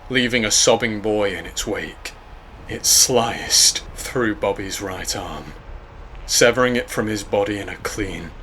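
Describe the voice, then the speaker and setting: A man reading a scripted horror story in a measured, grave way. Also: on the low side, sharp tone, slight background noise. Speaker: narrator.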